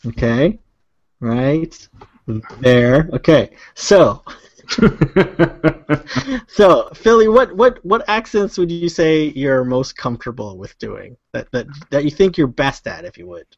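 A man hosting a podcast in casual chat, rambling through his points with fillers and chuckles. His voice sits at a middle pitch. The recording is dry and slightly dull. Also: expressive, takes it slowly, dry recording. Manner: rambling, many fillers and laughs. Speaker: podcast host.

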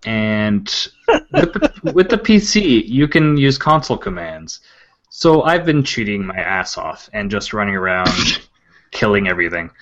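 Dude on a podcast going on about games, dry jokes, muffled lo-fi audio. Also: male voice, lowish voice, big pitch swings, unhurried, a bit bright. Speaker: podcast co-host. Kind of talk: casual podcast banter.

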